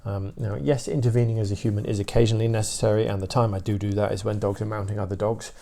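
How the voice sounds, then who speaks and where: A British man, a dog trainer, explaining his views in a steady, opinionated casual talk with many fillers. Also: fairly low pitch, fast, vocal fry.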